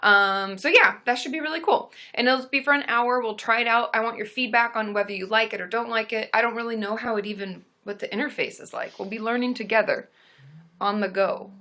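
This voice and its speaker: A woman's voice: fairly high pitch, brisk, bright, forceful tone. A woman therapist hosting a casual live stream, chatting to viewers in a bubbly, rambling way with lots of fillers.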